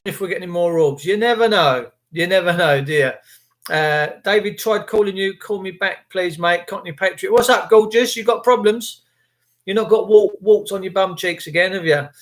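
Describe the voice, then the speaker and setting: Live-stream host, man, high-pitched, chatty and cheeky, prone to ranting. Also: normal speed, fairly bright tone. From England. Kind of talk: casual live-stream chat greeting viewers.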